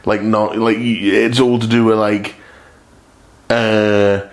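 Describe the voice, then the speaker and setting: A man's voice: lowish voice, slow. A man in casual podcast chat, telling a story with lots of energy and acting out the voices of the people in it. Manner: animated, acts out voices of people in his story. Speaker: podcast guest.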